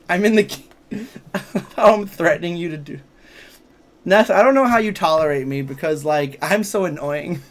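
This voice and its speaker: A man's voice: sits high, moderate pace. A man around thirty streaming a video game, casually chatting and teasing back as he reads and answers his viewers' messages. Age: 30s. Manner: playful, teasing, reads and answers chat aloud. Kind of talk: casual livestream chat while gaming.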